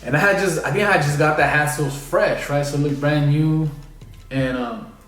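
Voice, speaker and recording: A man's voice: on the high side, fairly quick, a bit bright. A young man telling a personal story in a casual, rambling way, with many fillers. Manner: rambling, filler-heavy, lots of "like" and "you know". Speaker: vlogger. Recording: echoey room, distant mic.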